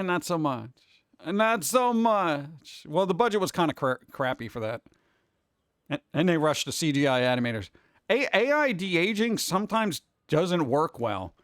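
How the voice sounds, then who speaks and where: This male streamer and cartoon creator talks loosely with his live viewers in a voice a bit higher than most men's. His chat wanders and is full of jokes, leaping between topics. The recording is smooth, dry, and intimate, with no room ring.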